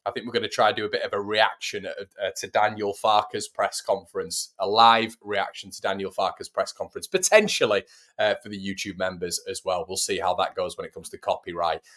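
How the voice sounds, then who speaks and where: A man's voice: fairly low pitch, brisk, fairly bright tone. A young man, casually hosting a live stream from home, chatting and answering viewer messages. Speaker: host of a fan channel.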